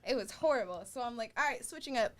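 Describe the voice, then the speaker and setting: A woman's voice: fairly high pitch, a little fast, a crowd in the background. A young woman telling a story in casual chat, laughing often and acting out what others said. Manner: animated, laughing often, acting out quoted voices.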